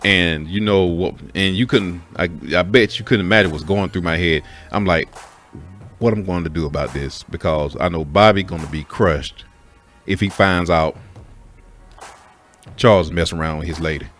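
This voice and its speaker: Deep-voiced guy telling a story about his friends, swears a lot, talks right to the audience, soft music behind. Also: moderate pace. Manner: candid, profane, speaks to listeners as folks. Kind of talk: casual spoken story.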